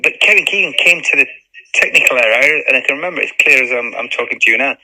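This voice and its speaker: A man in his fifties, a former footballer and interview guest, telling a story in lively chat, acting out quotes and swearing freely. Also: mid-range voice, fast, low-quality recording.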